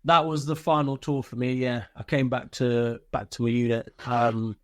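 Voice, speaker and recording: A man's voice: medium pitch, little pitch movement, moderate pace, no room sound, clean studio sound. A man telling war stories as a podcast guest, candid and laid-back, swearing freely, with lots of fillers and restarts. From Britain. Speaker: guest, army veteran. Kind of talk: casual storytelling interview.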